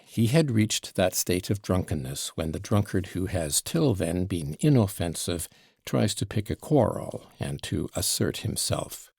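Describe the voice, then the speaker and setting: A male audiobook narrator reads a classic novel from a script in a low, husky, a little mellow voice. His delivery is sing-song and measured, and the sound is dry and close with no room sound.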